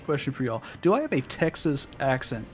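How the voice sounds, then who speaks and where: A man co-commentating a broadcast in casual chat, playful and halting with frequent fillers. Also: mid-range voice, sing-song, faint music behind.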